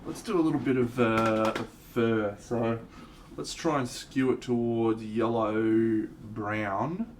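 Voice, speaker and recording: A medium-pitched man, speaking slowly, paints miniatures live and describes his colours in a relaxed, loose tutorial style. He drifts off on tangents and mocks himself a bit. The audio comes from a distant microphone with faint noise behind it.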